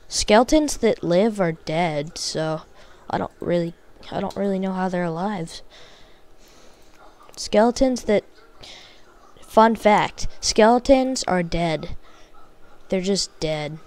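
A young woman with a fairly low voice narrates her own gameplay as a channel host. She mutters in frustration and now and then bursts out loudly.

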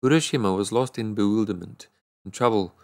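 Low-voiced man reading a storybook aloud. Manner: unhurried, stumbles and corrects words. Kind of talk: read-aloud storybook narration.

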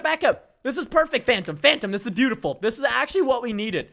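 A young man hosting a live game stream, talking energetically and bursting into shouts when the action heats up. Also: extremely high pitch, quick pace, gravelly. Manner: energetic, excitable, bursts into shouting during fights. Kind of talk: excited live stream commentary.

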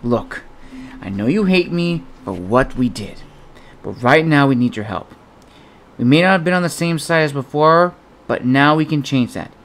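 A man's voice: fairly high pitch, expressive, normal speed, fairly bright tone. A man reading the part of a young, determined Spartan warrior in an audiobook. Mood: pleading.

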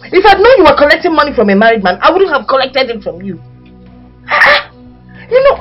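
An actress with a Nigerian accent playing a middle-aged mother who scolds her daughter loudly. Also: highs cut off, close to an everyday voice. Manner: shrill, scolding, rising to shouts.

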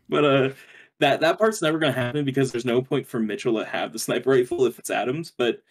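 A man's voice: medium pitch, moderate pace. A young man co-hosting a podcast, talking about a fan game in a rambling, casual way, swearing freely and laughing often. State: hiccuping. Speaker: podcast co-host. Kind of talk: casual gaming chat.

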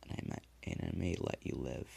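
Man playing a grim revenant, low gravelly threats, cold and menacing. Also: normal speed, exaggerated voice. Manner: cold, then shouting. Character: vengeful dead man, quiet and menacing.

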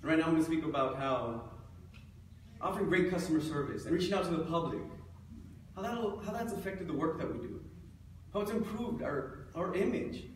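A man with a notably high voice presents at a conference, joking and drawing the audience in. He is heard from a distance in a large hall with heavy echo. A faint noise sits underneath. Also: expressive, brisk. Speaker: chief appraiser presenting.

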